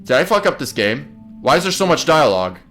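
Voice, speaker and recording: A man's voice: a little high, very animated, a little fast, fairly bright tone. A man giving gameplay commentary, flustered and swearing a lot as he talks to his viewers. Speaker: let's play gamer. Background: game music.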